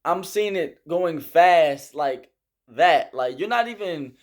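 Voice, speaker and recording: Slow and expressive, a young man with a fairly high voice tells a casual story about army basic training. He rambles with plenty of fillers and gestures with his hands to explain each step.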